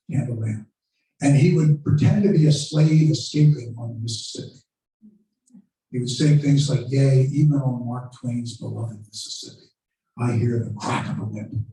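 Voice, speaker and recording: A man tells history as a lecture, building dramatic stories and acting out quoted speeches with real feeling. His dark, mellow voice carries through a very echoey room. He sounds set back from the microphone. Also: medium pitch, distant mic. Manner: storytelling, dramatic quoting of speeches. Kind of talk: history lecture to a live audience. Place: lecture room at a country club.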